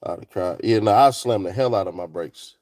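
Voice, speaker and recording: A man's voice: fairly low pitch, a little fast, a little mellow, no echo, low-quality recording. A man vlogging from a car, telling stories in loose, profane slang. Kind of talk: casual chat while driving.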